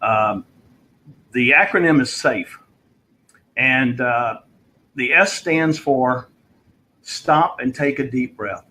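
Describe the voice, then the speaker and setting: A man in mid pitch answers a viewer's question in a live online coaching session. He talks in a relaxed storytelling way with fillers and restarts. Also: slow pace, pauses often, rough recording.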